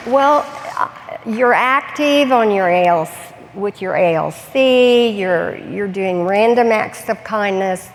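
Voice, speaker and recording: A woman's voice: medium pitch, takes it slowly. A woman interviewing a guest, encouraging him and calling him darling. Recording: reverberant hall with faint noise.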